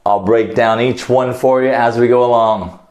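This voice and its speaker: A man's voice: medium pitch, fairly even intonation, moderate pace, darkish tone. A man with an American accent teaching phrasal verbs in a video lesson. He explains each one, mixes in Portuguese, and acts out short phone calls. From United States. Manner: switches between English and Portuguese explanations. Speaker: English teacher.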